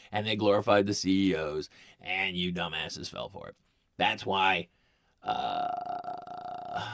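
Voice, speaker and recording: Rambling, sarcastic man ranting on camera. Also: fairly low pitch. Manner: rambling, sarcastic, profane, restarts often. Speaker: vlogger. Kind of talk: casual ranting vlog.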